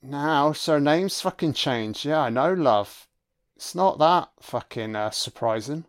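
Man, film commentary host, jokey, swears a lot, smooth voice, slow delivery. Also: on the high side, expressive. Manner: sarcastic, profane, jokey. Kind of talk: casual audio commentary.

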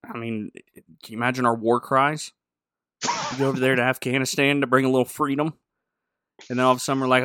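A man hosting a comedy show, chatting and telling jokes in a playful, animated way. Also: medium pitch, brisk, long pauses, dry recording, studio quality. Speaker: podcast host. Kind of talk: comedic chat and joke telling.

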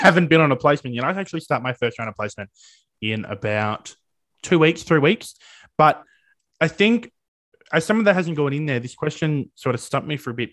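A man's voice: medium pitch, fairly bright tone. A young Australian man answering interview questions about his path into teaching, earnest and enthusiastic, often restarting his sentences.

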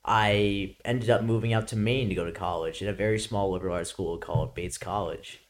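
Casting: young man, New York accent, slightly low voice, easygoing storyteller with lots of "like". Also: fairly even intonation, fairly quick. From Brooklyn, New York. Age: young adult. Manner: laid-back, laughing, lots of "like". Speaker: guest. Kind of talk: casual chat.

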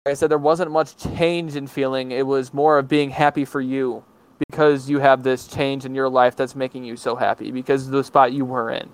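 A man's voice: medium pitch, level tone, normal speed, clean tone, poor audio. A young man of nineteen chatting casually as a podcast guest, hesitant and full of fillers and restarts. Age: teens. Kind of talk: casual chat.

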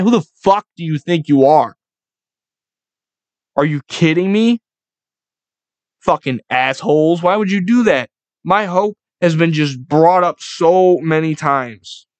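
A young man hosting a casual solo podcast, ranting in a profane, excitable, rambling way. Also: medium pitch, no echo. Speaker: podcast host.

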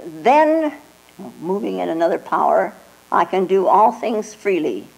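An older woman, a Zen teacher, giving a slow, reflective dharma talk with frequent "you know" and "huh?" asides, on a 1989 tape. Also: fairly low pitch, vocal fry, breathy edge, low-quality recording. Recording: 1989 tape with mains hum.

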